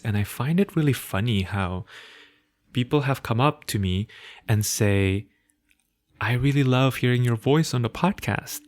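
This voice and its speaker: Slow, soft-spoken non-native English man. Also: mid-range voice. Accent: hard-to-place non-native English. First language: not English. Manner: slow, thoughtful, with soft laughs and trailing quiet phrases. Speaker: podcast host. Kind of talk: solo podcast reflection.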